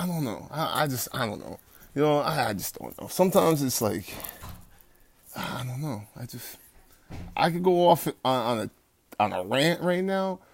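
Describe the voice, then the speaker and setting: A fitness coach talking bluntly and profanely from home at night, rambling with restarts and turning loud and heated as he rants. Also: mid-range voice, no echo. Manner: gets loud and heated when ranting. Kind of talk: late-night livestream pep talk.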